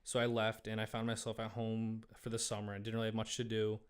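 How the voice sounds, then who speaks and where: A man's voice: on the low side, monotone, fast, clean tone. A young man co-hosting a casual podcast, asking questions and affirming his friend in an upbeat way. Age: young adult. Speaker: podcast co-host.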